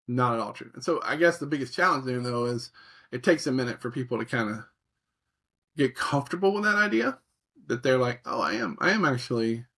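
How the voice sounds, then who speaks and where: A middle-aged man with a medium-pitched, gravelly voice tells stories in a conversational interview about his work as a creativity facilitator. He's animated, acting out the reactions he quotes.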